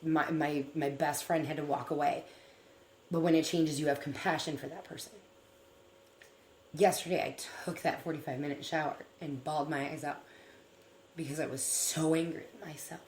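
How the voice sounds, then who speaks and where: Low-voiced earnest woman co-host, roomy sound. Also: moderate pace, a little hiss or hum. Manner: earnest, rambling, animated. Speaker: talk show co-host. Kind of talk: emotional personal talk.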